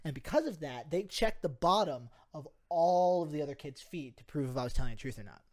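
A man's voice: a little high, expressive, a little fast, a little mellow. A young man on a podcast, casually telling a story, acting out quotes and swearing freely. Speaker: podcast host.

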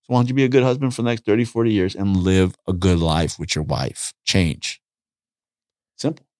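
A man talking casually on a podcast, an animated storyteller who acts out conversations and repeats his points. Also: low-pitched, fairly quick, no echo, studio quality. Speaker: podcast guest, street preacher. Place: podcast studio.

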